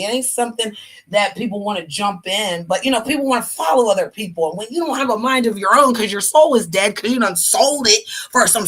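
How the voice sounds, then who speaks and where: A woman's voice: fairly high pitch, a bit bright, husky. A woman hosting a casual livestream, talking sassy and emphatic to her chat and calling people honey as she preaches. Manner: talks straight to her chat. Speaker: livestream host.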